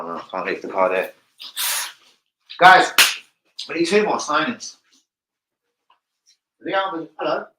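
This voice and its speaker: A man's voice: on the low side, background noise. A young man chatting casually on a football fan livestream, rambling, swearing and reading out viewer comments. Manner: swearing, rambling, reads chat aloud. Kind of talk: casual live-stream chat.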